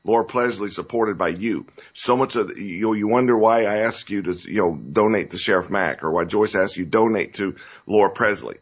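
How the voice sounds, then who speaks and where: Man, low voice, husky, rambling earnest monologue, dull lo-fi recording. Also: normal speed, hardly any pauses. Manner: earnest, rambling, restarts and gets choked up. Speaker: show host. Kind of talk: emotional political talk show monologue.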